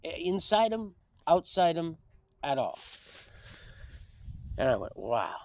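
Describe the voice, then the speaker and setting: A man's voice: fairly high pitch, very animated, takes it slowly, darkish tone, no echo. A man telling a rambling personal story on a livestream, often repeating and restarting his words.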